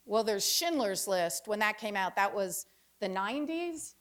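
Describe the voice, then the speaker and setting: A woman in her fifties performing a reflective personal essay with wry storytelling and pauses. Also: mid-range voice, lively intonation, a bit bright. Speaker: author giving a reading.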